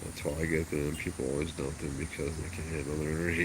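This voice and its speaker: A man's voice: very deep voice, little pitch movement, fast talker, a little hiss or hum, low-quality recording. A man chatting casually on a livestream at home, rambling and joking crudely about his dogs. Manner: rambling, crude and joking, baby talk to the dog. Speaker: livestream host.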